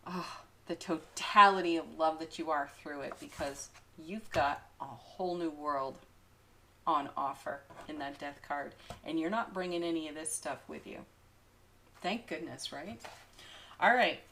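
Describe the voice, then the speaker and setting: A woman's voice: on the low side, sharp tone, slight background noise. A woman doing a daily tarot card reading, talking through the cards with frequent giggles and enthusiastic exclamations. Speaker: tarot reader.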